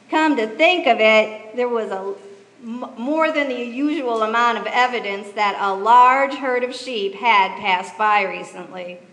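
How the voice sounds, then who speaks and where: A woman narrating a church pageant in a lively, folksy storytelling manner. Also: on the high side. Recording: echoey church hall, reverb.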